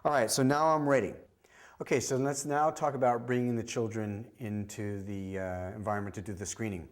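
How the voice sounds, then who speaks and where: A man's voice: fairly low pitch, steady tone, a little fast. A man, a hearing specialist, teaching a workshop with a practical demonstration. He talks directly and repeats his key points. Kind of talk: instructional demonstration.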